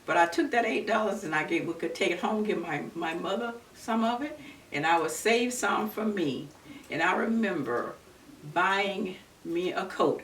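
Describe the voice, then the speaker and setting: A woman in her seventies from Florida, recalling her civil rights days in an earnest, unhurried oral-history telling. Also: on the low side, a bit bright. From Florida, USA. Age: 70s. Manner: earnest, unhurried storytelling with many restarts. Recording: roomy, distant mic with faint background noise.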